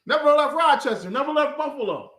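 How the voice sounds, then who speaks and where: A man leading an informal scripture class, talking in a mocking, animated, slangy way. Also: extremely high pitch, fast talker. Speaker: class leader. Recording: echoey room.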